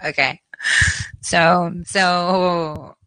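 Giggly, sarcastic woman host with a bright voice. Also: lowish voice, steady tone, very slow, no echo, low-quality recording. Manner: giggly, keeps breaking into laughter; blunt and sarcastic, swears. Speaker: commentary show host. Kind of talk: casual commentary.

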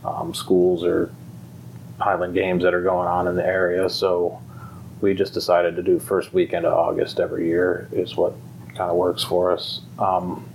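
Deep-voiced man chatting casually. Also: completely flat delivery, normal speed, creaky, darkish tone, slight background noise, poor audio. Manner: rambling, many fillers and restarts, laughs easily. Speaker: fire department pipe band organizer. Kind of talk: casual conversation.

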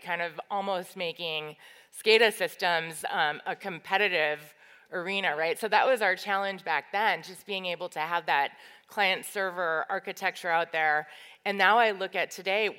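Woman panelist, lower pitch, bright voice, loose and explanatory, reverberant hall. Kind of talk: conference panel talk. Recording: reverberant hall on stage mic.

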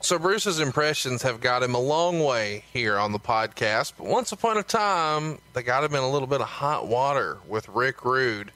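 A male podcast host talking excitedly and plugging his show. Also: mid-range voice, moderate pace, few pauses. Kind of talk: casual podcast hosting.

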